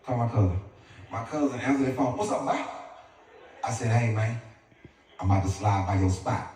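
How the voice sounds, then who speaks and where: A man doing stand-up storytelling, animated and squealing in high voices when he acts out his family. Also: brisk, heavy reverb. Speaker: stand-up comedian. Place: live comedy stage. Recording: far-off mic with loud crowd laughter. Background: audience laughter.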